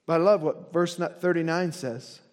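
A man preaching a sermon as pastor, earnest, often dropping to a soft hush to drive a point home. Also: on the high side, moderate pace. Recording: long reverb of a large hall.

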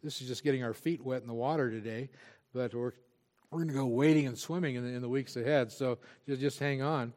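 A man's voice: mid-range voice, a little fast, darkish tone. A male pastor preaching a sermon, earnest and emphatic, with frequent restarts.

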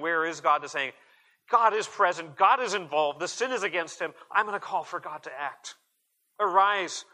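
Bright-voiced man preaching a sermon. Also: a little high, poor audio. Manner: earnest, emphatic expository preaching with rising quoted prayers. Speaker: pastor.

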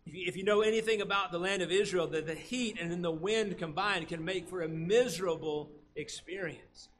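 A man with a high voice preaching a sermon, lively as he acts out the people in the passage. A faint hum of room ambience sits behind him. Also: brisk, few pauses. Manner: animated, acts out the workers' complaints.

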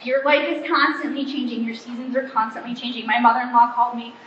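A woman's voice: on the high side, steady tone, fast, a bit bright, a little hiss or hum. A woman in her forties, a pastor's wife, giving a chatty, self-deprecating church talk and acting out bits of family dialogue. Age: 40s. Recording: roomy, slightly muffled hall recording.

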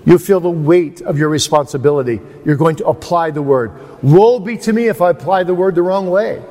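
At a seminar, a male preacher gives a conversational teaching sermon full of anecdotes, with a self-deprecating manner. His voice is a little high, fairly quick and slightly mellow, and long hall reverb surrounds it.

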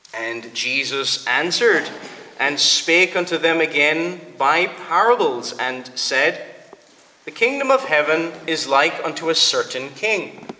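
A man delivers a sermon with a bright, forceful, fairly high voice. He speaks emphatically, repeats key phrases and draws out words for weight. His voice rings with a long church reverb. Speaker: preacher.

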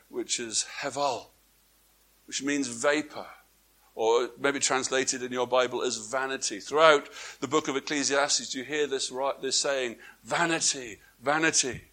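A man preaching a sermon to a congregation, swinging from quiet, drawn-out phrases to emphatic ones and asking his listeners questions. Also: medium pitch. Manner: repeats words for emphasis, asks the congregation questions. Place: church before a congregation, also streamed online.

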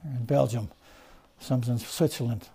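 A man preaching a sermon, rising to loud fervent emphasis and then dropping to low, quiet stresses. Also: steady tone, moderate pace, husky. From United States.

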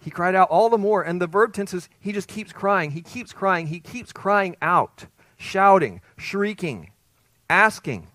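A man preaching a sermon as pastor, animated, swinging between quiet and loud. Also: sits high, unhurried, no echo.

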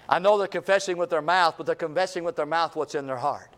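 Male revival preacher, fairly high-pitched, swings between booming and near-whispered lines. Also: fast talker. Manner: swings from booming to hushed, repeats phrases. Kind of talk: revival sermon.

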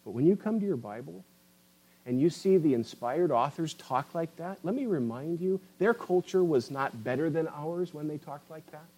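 Male preacher, passionate sermon delivery, slightly high voice. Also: lively intonation, moderate pace, mellow, husky, poor audio. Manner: impassioned, rising and falling emphasis, addresses listeners as beloved.

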